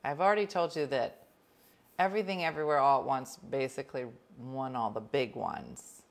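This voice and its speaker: A woman hosting a casual chat, telling rambling stories with quick whispered asides. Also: extremely low pitch, lively intonation.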